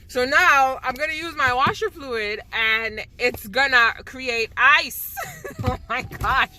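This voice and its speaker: A woman from Canada talks slowly into a handheld camera in a fairly high voice, chatting and poking fun at herself with frequent laughter. Outdoor and road noise sits clearly behind her. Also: sharp tone. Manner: chatty and self-mocking, laughs often. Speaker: vlogger. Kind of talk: casual vlog chat. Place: outdoors in snow, then in a car. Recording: noisy outdoor and car ambience.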